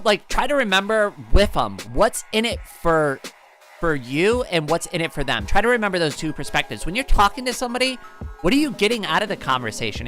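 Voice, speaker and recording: A woman's voice: low voice, a bit bright. A woman live streamer in casual chat, handing out friendly advice in a chatty, playful way, often laughing and tagging lines with "right?". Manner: chatty, peppers speech with "like" and "right?".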